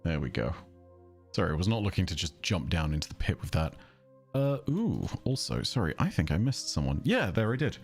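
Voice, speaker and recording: Lively deep-voiced southern English streamer. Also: male voice, a little fast, soft background music. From England. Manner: rambling, chatty, breaks off to react to the game. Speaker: game streamer. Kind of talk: casual livestream chat while gaming.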